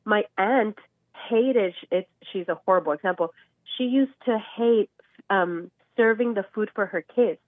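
A woman's voice: medium pitch, moderate pace, no echo. A woman calling in to a talk show, sick with a nasal voice, speaking animatedly and acting out quotes. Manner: animated, acts out quotes with laughs. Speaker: caller. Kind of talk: call-in discussion. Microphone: phone call. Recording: tinny phone line.

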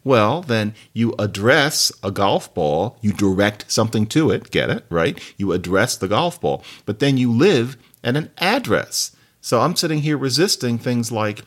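A man's voice: unhurried, few pauses. Chatty, wry male podcast host. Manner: chatty, wry and digressive, with playful asides; lively, with big jumps up in pitch on emphasis. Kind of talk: solo podcast monologue.

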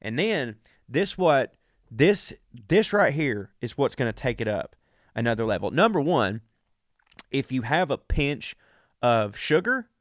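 A man's voice: mid-range voice, sing-song, measured pace, no room sound, clean studio sound. A sick man, talking casually and profanely straight to his listeners in a podcast monologue. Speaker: podcast host.

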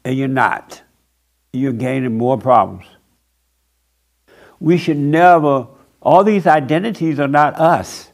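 A man's voice: mid-range voice, takes it slowly, vocal fry, pauses often. A man preaching a sermon in a blunt, mocking, emphatic way.

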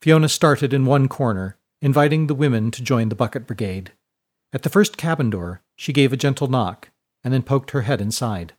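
Brief: male narrator, mid-range pitch, calm measured storytelling for a serialized audiobook.

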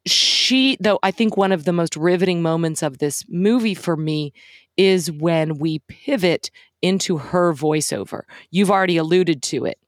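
A woman's voice: lowish voice, no echo, clean studio sound. A woman co-hosting a podcast, talking through a film in a thoughtful, analytical way, with some frank swearing. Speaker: podcast co-host. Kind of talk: casual film discussion.

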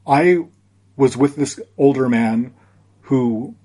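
A man guest on a podcast, telling a reflective story in a halting way, with many restarts. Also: medium pitch, mellow.

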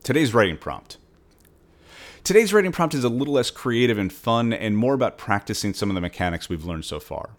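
A man who is the author, reading his own newsletter aloud as a casual, measured writing lesson. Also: mid-range voice, lively intonation.

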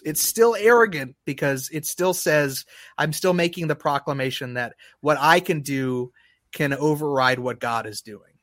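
A man talks about faith in a casual podcast chat. His voice sits a bit high, and he speaks earnestly, often stopping and restarting mid-thought. The sound is dry and close. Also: fairly bright tone, no echo. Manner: earnest, halting, restarts often when emotional. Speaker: podcast co-host.

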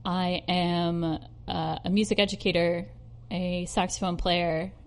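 A woman's voice: lowish voice, level tone, unhurried. A woman co-hosting a casual podcast, giggling often and swearing freely. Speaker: podcast co-host. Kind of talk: casual chat. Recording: faint background noise, home recording.

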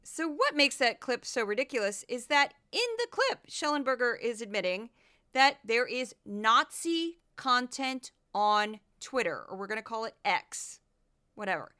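A woman's voice: a little high, very animated, unhurried, sharp tone, clean tone. A woman hosting a political commentary podcast, talking in an indignant, sarcastic way. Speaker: podcast host.

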